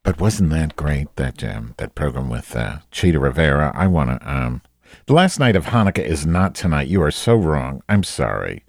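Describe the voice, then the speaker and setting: A man's voice: a bass voice, sing-song, normal speed, vocal fry, no room sound, clean studio sound. A man hosting a podcast, chatting casually in a rambling, self-deprecating way with campy asides. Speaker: podcast host. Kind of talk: casual solo chat.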